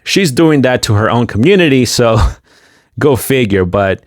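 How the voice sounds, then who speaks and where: A man's voice: medium pitch, animated, a little slow, no echo, studio quality. A man from the United States doing scornful commentary on a livestream clip in a mocking tone.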